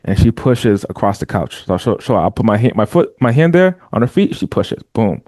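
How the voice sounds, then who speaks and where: A man talking as a podcast guest in an emphatic, conversational way, often doubling his words as he drives a point home. His voice is warm and mellow, and it sits dry and close with no room sound around it. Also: lowish voice, sing-song, normal speed, dry recording. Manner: emphatic, repeats words while building a point. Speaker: podcast guest, entrepreneur and father.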